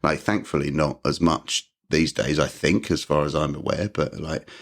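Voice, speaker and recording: A middle-aged man from England, a punk musician chatting as a podcast guest, who acts out the people in his stories and laughs often. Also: moderate pace. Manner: animated storyteller, acts out quotes in high voices, laughs often. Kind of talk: casual chat.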